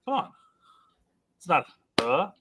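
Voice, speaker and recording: A man's voice: on the high side, very animated, slow, bright, forceful tone. A man co-hosting a casual podcast chat, teasing and wry, often trailing off and restarting his sentences. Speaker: co-host.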